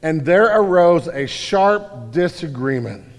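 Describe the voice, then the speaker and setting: A man preaching a sermon in a lively, animated way, acting out quotes loudly. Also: a little high, slow pace, soft background music. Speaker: pastor. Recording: hall reverb.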